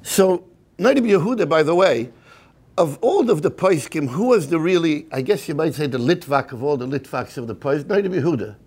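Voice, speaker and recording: A man's voice: a little high, animated, brisk, darkish tone, breathy edge. A man giving an impassioned sermon-style lecture at a community program, often stammering and restarting, with many Hebrew and Yiddish terms.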